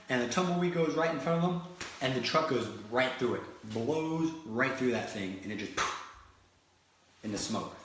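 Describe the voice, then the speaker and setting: A man's voice: medium pitch, a bit bright, a little hiss or hum. A man from Florida giving a motivational talk, telling stories animatedly with many restarts. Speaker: motivational speaker. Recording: very echoey room.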